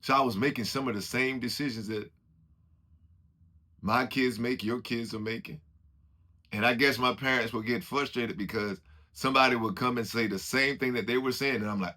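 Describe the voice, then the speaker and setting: A man's voice: mid-range voice, fairly even intonation, normal speed, bright, forceful tone. A man giving an informal, preachy motivational talk, acting out what other people say as he goes. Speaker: motivational speaker.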